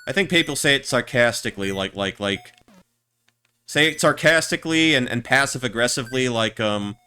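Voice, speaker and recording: Stammering man with a bright voice. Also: mid-range voice, lively intonation, moderate pace, clean tone, soft background music. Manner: rambling, stammering, crude jokes. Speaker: streamer. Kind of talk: casual gameplay chat.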